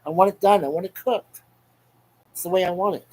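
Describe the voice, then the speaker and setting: A man's voice: sits high, brisk, a little mellow, poor audio. Guy chatting on his webcam stream, rambly and laughing a lot, keeps repeating himself. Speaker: livestream host reading chat. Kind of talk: casual chat.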